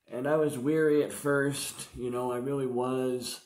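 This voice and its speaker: A man's voice: medium pitch, fairly even intonation, measured pace, hardly any pauses, a little mellow. A man vlogging about his past addiction in casual, slangy, profane storytelling. He comes across as confessional. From San Diego area. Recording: roomy echo.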